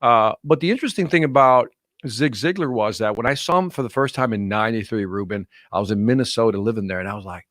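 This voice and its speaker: A middle-aged man, a motivational speaker guesting on a podcast, talking in an earnest, energetic storytelling manner. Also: fairly low pitch, fast talker, dry recording, studio quality. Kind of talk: casual podcast interview.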